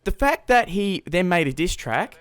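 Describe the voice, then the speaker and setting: Heated man ranting, higher voice. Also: very animated, normal speed, a bit bright, clean tone, no room sound. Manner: blunt, heated, lots of "like" fillers. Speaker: YouTube commentator. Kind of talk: casual rant vlog.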